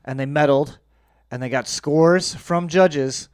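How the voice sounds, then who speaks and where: A man's voice: fairly high pitch, a little slow, clear, resonant tone. A man hosting a podcast in casual banter, rambling and swearing with frequent restarts. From United States. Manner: profane, rambling with restarts and laughs. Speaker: podcast host.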